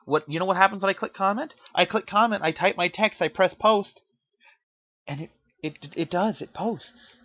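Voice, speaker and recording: A man's voice: high voice, normal speed, a bit bright, no room sound, dull audio. A man giving an earnest, pleading rant to his audience, rambling with restarts as he speaks from the heart. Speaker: YouTuber. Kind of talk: earnest spoken rant to camera. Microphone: home microphone.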